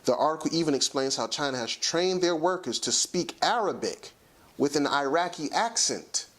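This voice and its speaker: A man hosting a talk show, giving a lecturing, emphatic commentary and slowing down to stress his points. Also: a little high, expressive, a bit bright.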